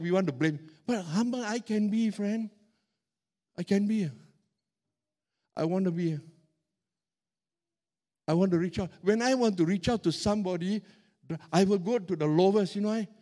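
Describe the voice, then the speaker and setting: High-voiced animated preaching pastor, a man. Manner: animated, emphatic preaching with drawn-out words. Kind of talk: sermon.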